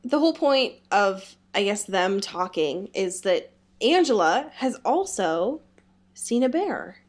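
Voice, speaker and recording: A podcast co-host with a medium-pitched voice talks slowly through a casual book-club chat. She giggles often and retells the story animatedly, sprinkling in plenty of "like".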